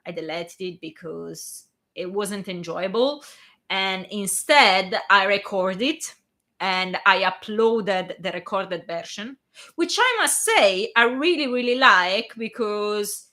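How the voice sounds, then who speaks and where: Woman, Italian accent, unhurried pace, bright forward tone, chatty with restarts, casual host talk. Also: medium pitch, expressive. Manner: chatty, frequent restarts and filler words. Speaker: fanfiction reader and channel host. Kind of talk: casual chat before a live reading.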